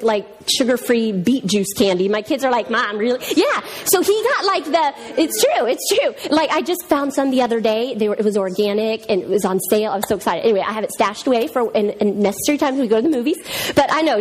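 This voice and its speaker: A woman in her thirties or forties giving a church talk, chatty and self-mocking, laughing often as she tells a story. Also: fairly high pitch. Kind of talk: sermon-style storytelling.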